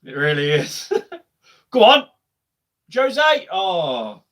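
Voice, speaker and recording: Bright-voiced lad on a match watch-along. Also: male voice, sits high, very animated, extremely slow. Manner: chatty, swings to loud shouting at goals. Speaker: football watch-along streamer.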